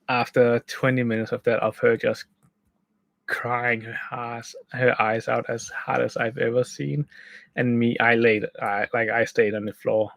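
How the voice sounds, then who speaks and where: A man's voice: medium pitch, creaky, a bit bright, dry recording, low-quality recording. A man casually telling a rambling story from a room by a bed, full of restarts and "like". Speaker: gaming channel host.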